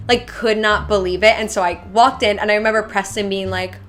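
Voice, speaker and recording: A woman's voice: mid-range voice, steady tone, a little fast. A young woman vlogger telling a casual storytime to her viewers, chatty and full of "like", animating the retelling. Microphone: seated to camera.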